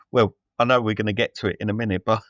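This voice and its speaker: A man's voice: fairly low pitch, no echo, dull audio. A man co-hosting a casual film review chat, rambling with many fillers and restarts. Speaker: podcast co-host.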